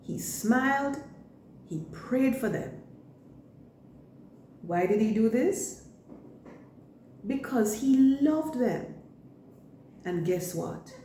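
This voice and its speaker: A woman leading a church school lesson for children, speaking slowly and deliberately in simple words. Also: a little high, lively intonation, dark tone, echoey room, slight background noise.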